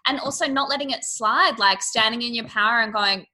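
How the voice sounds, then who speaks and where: Earnest woman podcast cohost, really bright voice, self-help kinda talk. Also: on the high side, fairly quick, hardly any pauses, low-quality recording. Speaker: podcast co-host. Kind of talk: casual chat.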